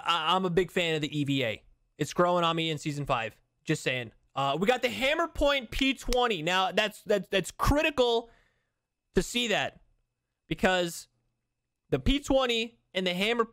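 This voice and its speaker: A man's voice: high-pitched, a bit bright, no room sound, studio quality. A young man giving casual, slangy gaming commentary, hyped and repeating himself. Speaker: gaming YouTuber.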